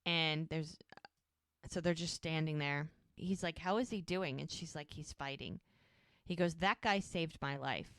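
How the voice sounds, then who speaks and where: Smooth-voiced woman recapping a show. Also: deep voice, measured pace, dry recording, studio quality. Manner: retells scenes with quoted lines, animated. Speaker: podcast co-host. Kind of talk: casual recap chat.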